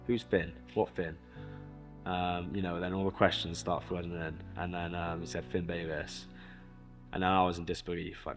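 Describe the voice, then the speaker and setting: A young man with a notably deep voice, speaking casually in a documentary interview. He tells his story loosely, swearing and acting out what others said, with faint music under him. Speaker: interviewee, rapper.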